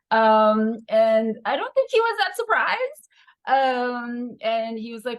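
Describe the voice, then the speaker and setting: A woman's voice: on the high side, very animated, measured pace. A young adult woman, a podcast guest, telling a candid and emotional personal story with many fillers.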